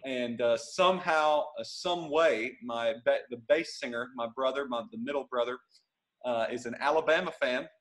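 Man, podcast guest, mid-pitched, jovial and rambling. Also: moderate pace, a bit bright, poor audio. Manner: rambling, self-correcting, jovial. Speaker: podcast guest, gospel singer. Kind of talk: casual chat.

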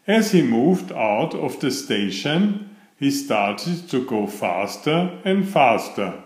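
A man narrating a children's picture book read-aloud in an unhurried storytelling manner. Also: mid-range voice, very animated. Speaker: storybook reader. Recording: echoey room.

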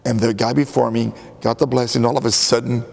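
A man's voice: medium pitch, little pitch movement, brisk, creaky. A man in a documentary interview, telling candid, self-mocking stories about the priest who heard his confessions. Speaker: parishioner recalling a priest.

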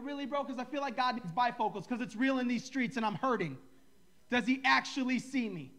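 A man's voice: very high voice, a little fast, a bit bright. Joking, conversational male preacher. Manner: conversational, joking, ribs the audience. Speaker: pastor. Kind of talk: sermon.

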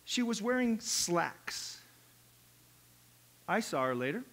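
A man's voice: high-pitched, sing-song, slow, fairly bright tone. A middle-aged male pastor preaching a sermon in a conversational, humorous way, acting out little quotes.

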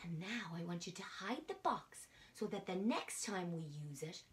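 A woman's voice: mid-range voice, animated, moderate pace. A woman from Ireland leading a drama lesson for small children in a playful, coaxing way, often dropping to a whisper, filmed on a phone at home. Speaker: drama teacher. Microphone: phone camera. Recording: phone mic held at a distance.

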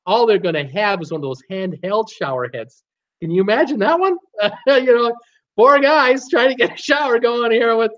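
A man's voice: sits high, dull audio. A man hosting a live stream, chatting casually, reading viewer comments aloud, joking and often breaking into laughter. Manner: laughs heavily, jokey, rambling with many restarts. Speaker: host of a live cruise Q&A stream.

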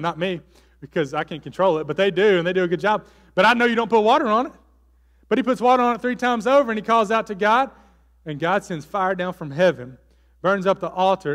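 A man's voice: high voice, a bit bright, long reverb tail. A man preaching a sermon as pastor, telling the story casually with fillers and acting out the quotes. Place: church hall.

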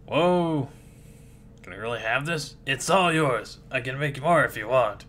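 A man's voice: mid-range voice, measured pace, fairly bright tone. A man reading a comic book aloud, switching voices for each character. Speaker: comic reader. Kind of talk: reading a manga aloud, doing all the voices.

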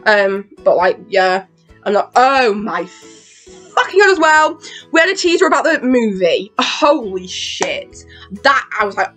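A woman chatting excitedly in a rambling makeup vlog, swearing freely and acting out her own reactions. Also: a little high, unhurried, soft background music. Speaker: beauty vlogger. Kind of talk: rambling get-ready-with-me chat.

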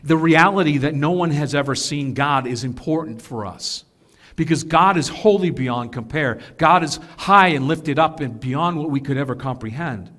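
A man's voice: fairly high pitch, normal speed, a bit bright. Earnest man preaching a sermon. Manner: earnest, emphatic teaching with restarts and asides. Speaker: pastor.

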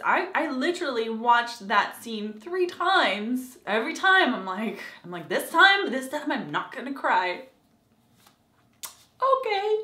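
A young woman giving an animated, gushing review of a TV episode in a casual vlog, acting out quotes as she goes. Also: on the high side, reverberant.

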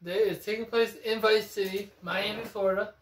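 A young man co-hosting a casual video game chat speaks in a high voice with fairly even intonation at a moderate pace. He rambles self-assuredly and claims insider knowledge, and the echoey room recording carries a slight hiss or hum.

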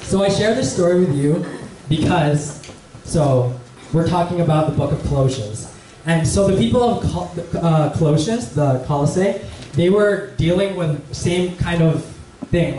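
A man's voice: a little high, moderate pace, far from the mic. Young man preaching casually in an echoey hall. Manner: relaxed, chatty, many fillers and "like". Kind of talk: casual church message with storytelling. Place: church hall. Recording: echoey church hall, faint room noise.

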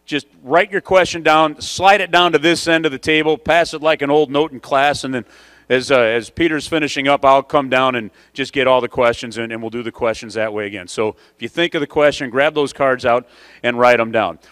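A man's voice: mid-range voice, fairly even intonation, brisk, a bit bright, clear, resonant tone, dry recording. Chatty man telling a story on a dry mic. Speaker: conference emcee. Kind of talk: storytelling to an audience.

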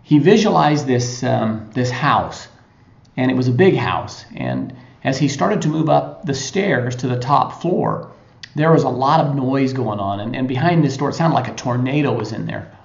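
Gravelly man on an echoey podcast. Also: medium pitch, expressive. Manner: conversational retelling with frequent pauses. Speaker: podcast host. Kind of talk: motivational podcast monologue. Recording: echoey lo-fi recording.

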